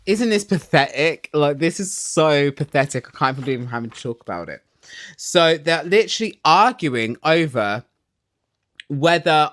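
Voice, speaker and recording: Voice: medium pitch, a bit bright, no echo, clean studio sound. A vlogger ranting casually and sarcastically through a reality TV recap, opinionated and swearing.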